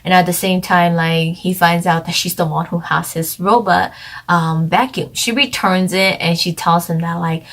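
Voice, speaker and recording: A young woman co-hosts a channel, casually reviewing a TV drama in a rambling, chatty way that's packed with "like." Her voice is lowish and fairly bright, with a steady tone and a moderate pace.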